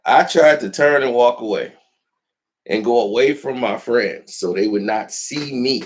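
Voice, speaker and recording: A man telling a personal story in a casual vlog, animated and acting out the people in it. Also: medium pitch, measured pace, slight background noise.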